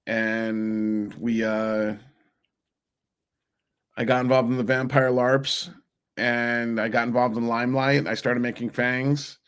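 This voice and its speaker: Guest voice: man, 40s, New Jersey-raised, lively rambling storyteller, mid pitch. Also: slow pace, clear, resonant tone. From New Jersey, USA. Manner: animated, rambling, many restarts. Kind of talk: casual interview storytelling.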